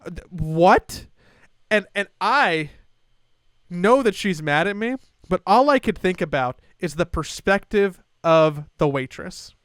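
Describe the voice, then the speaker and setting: A young man with a fairly high, smooth and resonant voice tells a story on a podcast. He chats casually and animatedly, slipping into the voices of the people in his tale. The sound is close and dry, with no room around it. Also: slow pace, no room sound. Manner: animated, acts out family members' voices. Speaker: podcast co-host.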